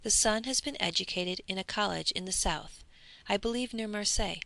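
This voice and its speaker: A woman reading the lines of a composed, worldly middle-aged nobleman, smooth and dryly ironic. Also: medium pitch, moderate pace, sharp tone, dry recording, pitched above the performer's own voice. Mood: urbane.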